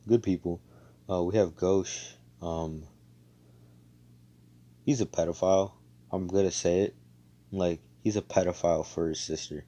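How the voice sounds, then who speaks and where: Deep-voiced young man telling a fan story. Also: dark tone, muffled recording. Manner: casual, slangy, profane, many fillers. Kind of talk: casual fan-fiction retelling.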